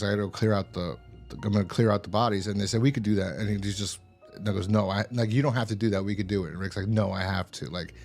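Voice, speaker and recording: A man with a lowish, darkish voice and some vocal fry recaps and reviews a TV episode. He rambles casually, swears a lot, and acts out the lines he quotes while retelling scenes.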